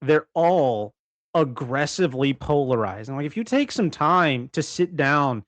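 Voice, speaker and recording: A man's voice: a little high, expressive, a little slow, a bit bright, no echo. Man, casual livestream commentary, rambling, self-correcting, dry close sound, bedroom. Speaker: livestream co-host.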